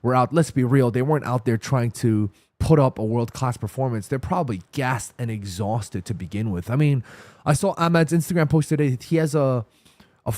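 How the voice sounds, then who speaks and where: A man's voice: medium pitch, darkish tone, dry recording. A man with a New York accent hosting a football live stream, rambling casually and answering chat comments while tired. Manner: rambling, restarts and self-corrections. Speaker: football livestream host.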